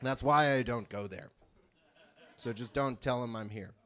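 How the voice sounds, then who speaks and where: A young man from California doing a live stand-up set in a small venue, deadpan and prone to rambling digressions. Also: medium pitch, measured pace. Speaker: stand-up comedian.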